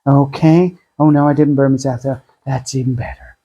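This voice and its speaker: A man hosting a craft tutorial, chatty and self-deprecating, speaking in a husky put-on voice that sounds like a sore throat. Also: mid-range voice, fairly even intonation, moderate pace, dark tone, lo-fi sound. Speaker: craft channel host.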